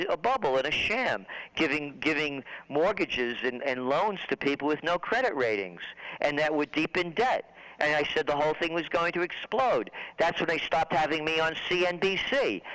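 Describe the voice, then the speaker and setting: A man, a radio guest ranting indignantly and quickly, slipping into mocking impressions. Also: a little high, fairly bright tone, rough recording. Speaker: trends forecaster guest. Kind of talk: radio phone interview.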